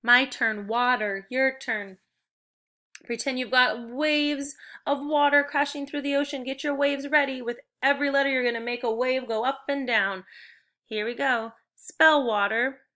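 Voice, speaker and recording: Bright-voiced woman teaching phonics slowly. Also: high-pitched, fairly even intonation. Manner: slow, clear, encouraging teacher voice. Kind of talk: recorded phonics lesson for young children.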